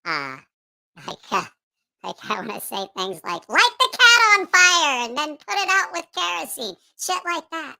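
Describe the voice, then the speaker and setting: A man on a livestream talking through a pitch-shifting voice changer that makes him sound like a giggly, mischievous child. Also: sing-song, measured pace, creaky, bright, forceful tone, exaggerated voice. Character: high child's voice of impish dark thoughts. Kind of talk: livestream chat.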